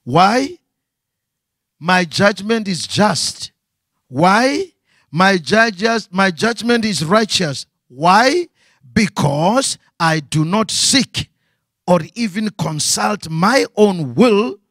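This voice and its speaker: A man's voice: sits high, expressive, extremely slow, fairly bright tone, no room sound, studio quality. A man preaching a sermon as pastor, asking rhetorical questions and repeating phrases.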